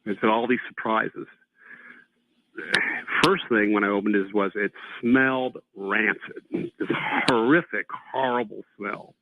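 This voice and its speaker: A guest on a phone-in tells the host a long, personal account of his abduction, acting out recalled dialogue. He speaks a little slowly in a fairly low, steady voice, with no room sound on the tinny phone line.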